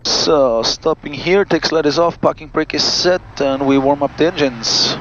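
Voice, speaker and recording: A man, a pilot and vlog host, reading out cockpit checklists crisply and adding friendly asides to viewers from a small aircraft cockpit. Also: a little high, normal speed, few pauses, highs cut off, noisy background.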